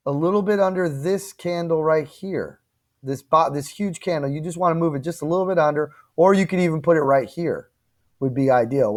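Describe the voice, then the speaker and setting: A man with a slightly high voice walks viewers through market charts in a loose, conversational way. He repeats himself and keeps checking in with "okay?" and "right?", pressing his points with insistence. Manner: emphatic, repetitive, addresses viewers directly with frequent "okay?" and "right?"; apologetic and frustrated at times. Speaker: crypto trading channel host. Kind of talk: casual chart walkthrough.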